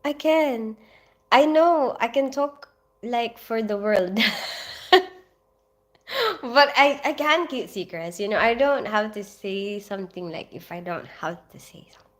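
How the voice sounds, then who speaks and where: A woman's voice: medium pitch, a little slow. A woman, chatting casually on a livestream with lots of laughter and rambling asides. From Philippines. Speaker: nurse and livestream host. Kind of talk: casual livestream chat reading viewer comments.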